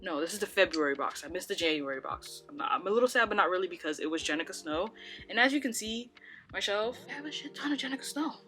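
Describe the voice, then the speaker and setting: A woman's voice: medium pitch, animated, quick pace, a bit bright, soft background music. A young woman chatting casually about books at home, rambling with lots of "like"s. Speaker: book vlogger. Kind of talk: casual chat.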